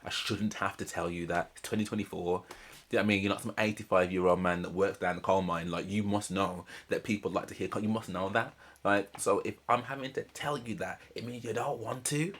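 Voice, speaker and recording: A man's voice: on the low side, a little fast, slight background noise. A young man, casually commenting and ranting while reacting to a reality show. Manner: animated, ranting, slangy, repeats himself. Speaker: reaction channel host.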